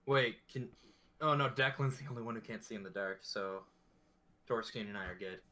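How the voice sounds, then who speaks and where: Male player, bright forceful tone, playful banter. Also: fairly low pitch, fairly quick. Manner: playful, joking. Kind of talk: casual tabletop game chat.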